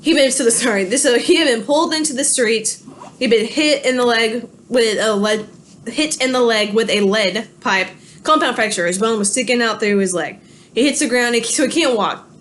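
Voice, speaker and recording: Chatty high-voiced woman lecturing from home. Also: moderate pace, a bit bright, slight background noise. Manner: conversational storytelling, self-correcting. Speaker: history lecturer. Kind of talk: recorded online lecture. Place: home with pets.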